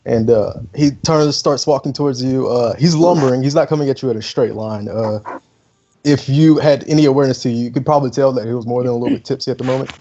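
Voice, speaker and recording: A man's voice: medium pitch, fast talker, mellow. Man narrating a tabletop game. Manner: loose, filler-heavy narration. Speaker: game master. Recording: muffled lo-fi stream with faint music.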